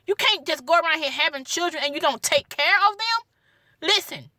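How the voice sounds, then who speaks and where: A woman's voice: high-pitched, animated, moderate pace, pushed and bright, dry recording, clean studio sound. A young woman, a gospel singer, giving an emotional personal testimony, pleading and repeating her words for emphasis, at times tearful. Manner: pleading, repeats phrases for emphasis, Southern Black church cadence.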